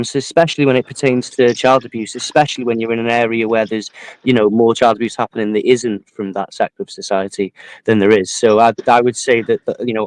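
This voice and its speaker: A man's voice: medium pitch, dry recording, low-quality recording. A man in an online debate who argues articulately, often restarting his phrases.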